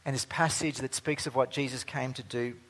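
A man preaching a sermon as pastor, earnest, moving between emphatic stretches and hushed ones. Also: mid-range voice, fairly even intonation, fairly quick.

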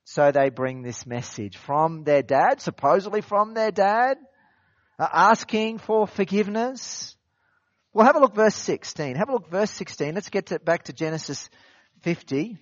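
A man with a fairly high voice preaches a sermon in a relaxed, conversational way. He repeats phrases for emphasis and asks his listeners rhetorical questions. The recording is dry and a bit dull. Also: normal speed, no room sound. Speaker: pastor. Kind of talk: expository sermon.

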